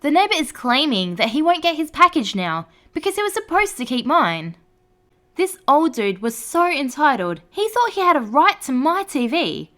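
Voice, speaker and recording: Woman, story reader, high voice, very animated pitch, lively read. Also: moderate pace. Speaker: narrator. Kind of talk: reading online stories aloud.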